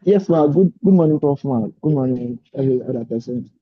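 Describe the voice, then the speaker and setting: A man's voice: medium pitch, lively intonation, brisk. A man giving a hesitant update on an online call, with many fillers. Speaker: fellowship student. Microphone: video call. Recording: dull lo-fi call audio.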